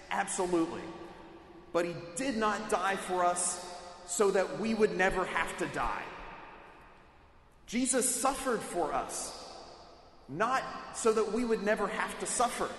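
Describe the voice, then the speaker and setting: High-voiced preacher in an echoing church. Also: male voice, fairly bright tone. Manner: measured, emphatic delivery with dramatic quoted speech. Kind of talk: sermon. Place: church sanctuary. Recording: echoey hall, mic at a distance.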